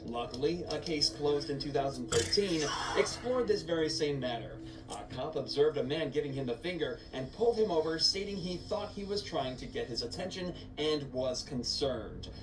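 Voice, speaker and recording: A man's voice: fairly high pitch, animated. A man reading a scripted narration that explains the law step by step. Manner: explanatory, measured legal breakdown. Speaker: video narrator. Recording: echoey distant voice-over with background hum.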